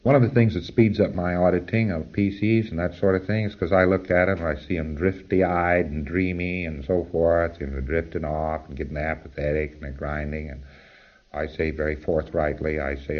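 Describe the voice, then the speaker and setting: A man's voice: sits low, steady tone, moderate pace, lo-fi sound. A man giving an informal, rambling spoken lecture in a conversational way. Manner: rambling, conversational, chuckles at his own asides.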